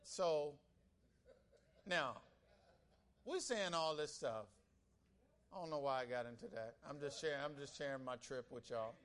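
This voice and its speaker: A man's voice: medium pitch, measured pace, pauses often. A male pastor preaching a sermon, telling stories with animation and calling out to the congregation. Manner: animated storytelling, calls out to the congregation.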